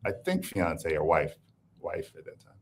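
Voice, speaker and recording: A middle-aged man with a notably low, deep voice, speaking as a guest in a relaxed interview. He talks slowly and reflectively, often pausing and restarting his thoughts before landing on what he means. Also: slight background noise. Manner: measured, reflective, hesitant restarts. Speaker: guest executive. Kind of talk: conversational interview.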